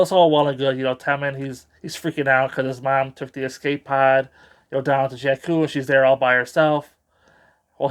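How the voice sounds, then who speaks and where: A man's voice: mid-range voice, smooth. Sarcastic, rambling male book reviewer. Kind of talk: casual spoken review.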